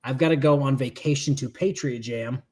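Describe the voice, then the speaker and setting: A man's voice: medium pitch, brisk, darkish tone. Laid-back Michigan man, a bit tipsy. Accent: Michigan with slips into Southern. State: has been drinking. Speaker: co-host of a live stream. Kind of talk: casual chat.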